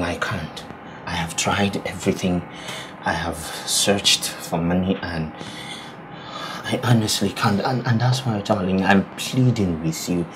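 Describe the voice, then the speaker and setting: An earnest Nigerian groom-to-be who stumbles over his words, doubling them up as he talks. His voice sits fairly low, and a steady noisy hum runs under the film recording. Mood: pleading. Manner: stammering, repeats words. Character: anxious young groom-to-be, earnest and eager.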